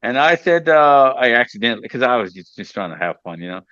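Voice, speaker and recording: A man's voice: medium pitch, sing-song, quick pace, bright, forceful tone, no room sound, dull audio. A man hosting a casual group chat with teenagers, teasing and reassuring them and often repeating himself. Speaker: mentor hosting a session with teenagers.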